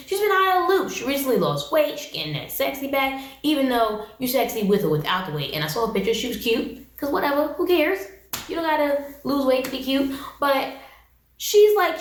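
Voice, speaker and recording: A woman giving a sassy, animated casual review of a reality show. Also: medium pitch. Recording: roomy echo.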